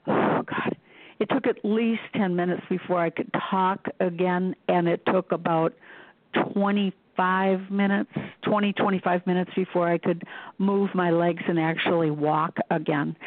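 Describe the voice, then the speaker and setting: A woman's voice: fairly low pitch, no echo. A woman, a psychic medium guest, recounts a personal experience in casual storytelling, acting out quoted dialogue between fillers. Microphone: phone. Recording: tinny dry phone line.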